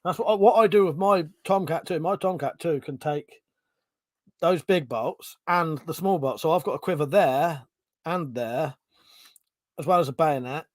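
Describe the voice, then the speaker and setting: Chatty, sweary British streamer. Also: male voice, on the high side, moderate pace, dry recording. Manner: chatty, sarcastic, swears freely; reads out viewer comments. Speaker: livestream host. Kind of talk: casual live-stream chat.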